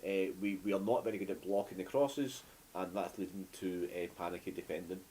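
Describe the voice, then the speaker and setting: A man's voice: low-pitched, fairly even intonation, fairly quick, dark tone. A Scottish man co-hosting a fan live show, chatting casually and reading out viewer comments with lots of fillers. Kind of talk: casual chat.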